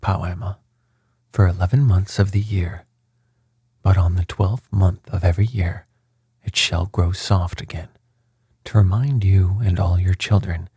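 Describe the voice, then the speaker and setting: A man voicing an old male magician in a storybook tale, speaking in a quiet, measured way that often drops to a whisper. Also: low-pitched, slightly rough, no room sound, clean studio sound, heavily acted. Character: old, mighty male magician, stern and teasing.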